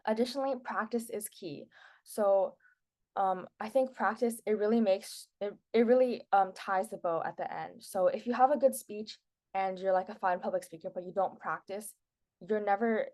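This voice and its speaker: A woman's voice: mid-range voice, moderate pace, darkish tone. A teenage girl presenting public speaking tips to a class in a casual, chatty way, with lots of filler words. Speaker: student presenter.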